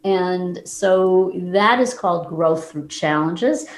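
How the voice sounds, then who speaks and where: A woman psychologist answering interview questions in an explanatory way, growing lively when she challenges a point. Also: fairly low pitch, slow, reverberant. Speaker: psychologist guest.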